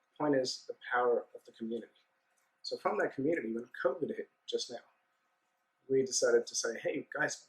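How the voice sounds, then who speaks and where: Man, podcast guest, casual storytelling, mid-pitched voice. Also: poor audio. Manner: animated anecdote-telling with acted-out dialogue.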